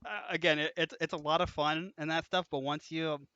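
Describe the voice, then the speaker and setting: A young man hosts a casual podcast chat, telling animated college stories and laughing through them. His voice is bright and sits a bit high. The sound is dry and slightly dull, like a cheap mic. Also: brisk, no room sound. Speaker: podcast host.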